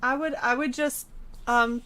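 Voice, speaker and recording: A woman's voice: high voice, fairly even intonation, a little slow, pushed and bright. A woman co-hosting a casual stream, answering questions in a laid-back, amused way. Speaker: co-host.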